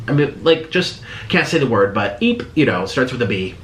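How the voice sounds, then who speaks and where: A man's voice: on the high side, very animated, fairly quick, hardly any pauses, a bit bright. Guy rambling thru a reaction video, keeps cutting himself off, roomy echo and a bit of hiss. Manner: rambling, self-interrupting, sarcastic asides. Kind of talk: casual reaction commentary. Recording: echoey room with faint noise.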